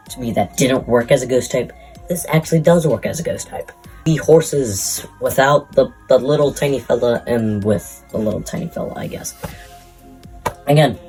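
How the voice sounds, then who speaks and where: A man's voice: medium pitch, darkish tone, poor audio. A breathless man rambles through casual commentary in a middle voice, tossing out crude, mock-insulting asides. Faint music plays underneath. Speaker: YouTuber ranking Pokémon.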